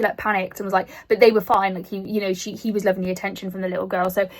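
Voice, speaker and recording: A woman's voice: mid-range voice, little pitch movement, rapid-fire, few pauses. Chatty young woman vlogger. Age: 20s. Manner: rambling, self-deprecating, chatty. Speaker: book vlogger. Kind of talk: casual chat to camera.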